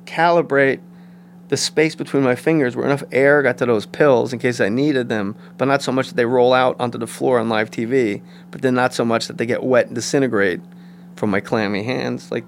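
Man, gravelly, mid pitch, comedian guest, animated storytelling, faint hum behind. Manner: animated anecdotes with put-on voices. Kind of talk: casual storytelling chat.

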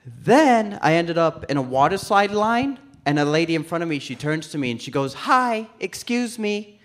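High-voiced man telling a stand-up story. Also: moderate pace. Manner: animated, acts out voices of people in the story. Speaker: stand-up comedian. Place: comedy club stage before a live audience.

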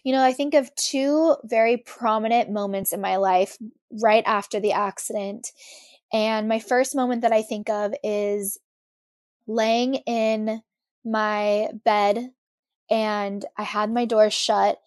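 A woman's voice: mid-range voice, fairly even intonation, slow pace, a little mellow, no room sound, clean studio sound. A young woman guest on a podcast, candidly and animatedly telling a personal story with many fillers.

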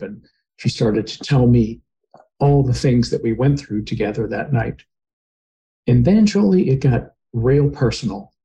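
Male guest, mid-pitch, mellow tone; earnest, heartfelt storyteller. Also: poor audio. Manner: earnest, emotional retelling. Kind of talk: personal storytelling in conversation.

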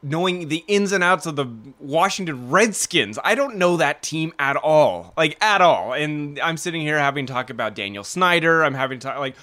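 A man's voice: a little high, animated, moderate pace, hardly any pauses, pushed and bright. A man co-hosting a podcast in casual chat, rambling with restarts and frequent laughter. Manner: rambling, self-interrupting, laughs often. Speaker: podcast co-host.

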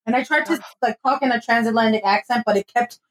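A woman's voice: a little high, quick pace. A woman guest on a podcast, chatting playfully and laughing often. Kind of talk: casual chat.

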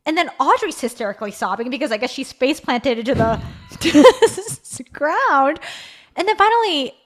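Woman, thirties, podcast co-host, casual storytelling, high voice, lots of melody. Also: moderate pace. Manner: animated storyteller, acts out quoted voices. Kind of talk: casual conversation, telling a family story.

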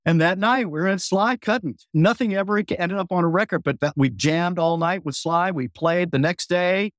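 A man in his sixties, a guest musician telling a story with lots of energy, acting out voices and humming bass lines. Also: moderate pace, dry recording, studio quality. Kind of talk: animated storytelling.

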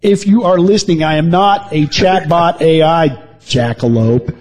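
A man's voice: fairly high pitch, unhurried, a little mellow. A man co-hosting a podcast in casual joking chat, playfully teasing and hamming up his game-show announcements. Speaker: podcast co-host.

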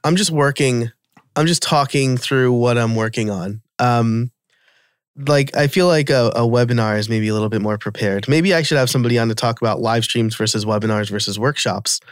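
Man, New York accent, casual animated host talk, dry close mic. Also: medium pitch, clear, resonant tone, dry recording. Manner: animated, quick asides and quoted self-talk. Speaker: podcast host. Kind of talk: casual podcast interview.

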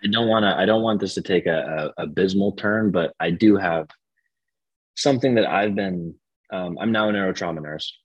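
A man in his twenties, a nurse and podcast guest, talking in a relaxed, chatty way with lots of "like" fillers. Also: low-pitched, normal speed, slightly rough, no room sound, highs cut off. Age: 20s. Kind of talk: casual conversation.

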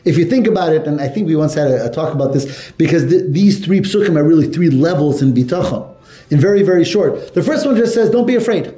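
A man's voice: a little high, fast talker, echoey room. A man teaching a Torah lesson to a class, telling the story with animation and asking his students questions. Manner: animated, asks the class questions, mixes Hebrew and Yiddish terms.

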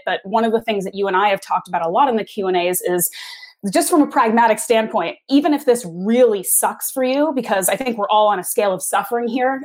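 A woman co-hosting a podcast, talking in a thoughtful, rambling way full of fillers. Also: medium pitch. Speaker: podcast co-host. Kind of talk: casual podcast chat.

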